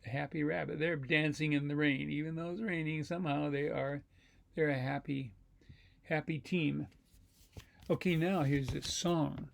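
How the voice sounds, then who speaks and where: Man, pastor, picture-book reading, slightly high voice, raspy, chatty. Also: moderate pace. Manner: relaxed, chatty storytelling with asides and chuckles.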